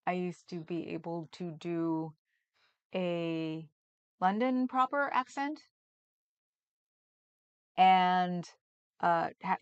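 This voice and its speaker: A woman's voice: fairly low pitch, dull audio. A woman hosting a livestream, chatting casually and rambling with frequent laughs. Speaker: livestream host. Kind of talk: casual chat reading comments.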